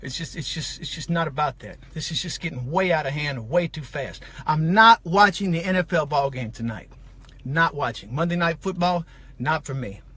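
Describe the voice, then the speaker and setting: A man's voice: a little high, moderate pace, sharp tone, breathy edge. A man vlogger delivering an emotional, fired-up rant to camera, heated and repetitive.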